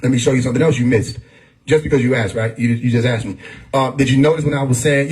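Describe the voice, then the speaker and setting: A man's voice: mid-range voice, steady tone, fast, darkish tone. A man hosting a live stream, preaching in a casual monologue, often laughing and urging listeners to stay with him. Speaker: livestream host.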